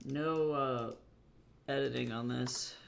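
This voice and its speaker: A man's voice: mid-range voice, fairly even intonation, slow pace, creaky, slight background noise. Self-mocking man chatting while he draws. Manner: rambling, self-deprecating, thinks aloud. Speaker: webcomic artist streaming. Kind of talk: casual livestream chat while drawing.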